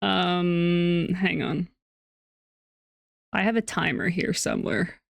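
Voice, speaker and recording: A woman's voice: on the low side, lively intonation, slow, gravelly. A woman streaming a game, chatting playfully with her viewers and often repeating words as she talks. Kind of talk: casual chat with stream viewers.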